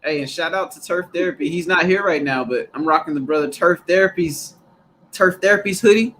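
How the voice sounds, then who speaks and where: A man's voice: fairly high pitch, a little fast, a bit bright, slight background noise. A man co-hosting a casual live stream, laughing often and greeting viewers in the chat. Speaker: co-host of a live gardening stream.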